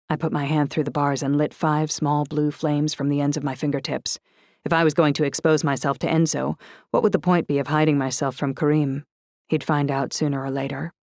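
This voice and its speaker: A woman narrating an audiobook in the first person, steady and descriptive. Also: low-pitched, dry recording, studio quality.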